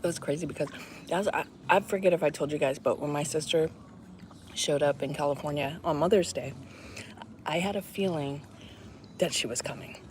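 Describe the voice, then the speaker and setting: A woman's voice: sits low, fairly quick, pauses often. A woman in her fifties telling a rambling, chatty story to her viewers, with lots of fillers. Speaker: vlogger. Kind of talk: casual chat to viewers. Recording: loud cricket noise behind voice. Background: crickets and insects chirping.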